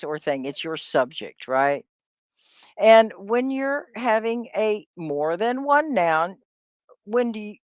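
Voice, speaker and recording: A woman runs a live-streamed English lesson, and her voice rises and falls in wide, lively swoops. She talks slowly, drawing out sounds to model them, and drops chatty asides to her viewers. The sound is dry and close, as if she is at a desk with a webcam. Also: medium pitch, no room sound. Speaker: ESL teacher.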